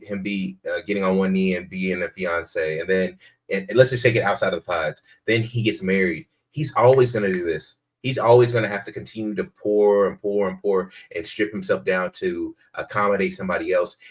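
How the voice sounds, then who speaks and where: A man with a very low voice talks as a podcast co-host. He speaks in a measured, earnest way, reflecting on a dating show. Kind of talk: casual commentary on a dating show.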